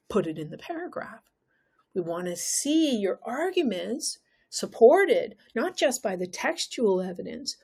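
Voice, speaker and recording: A woman's voice: medium pitch, a little mellow, husky. A woman teaching an exam-prep lesson, talking emphatically and putting questions to the viewer.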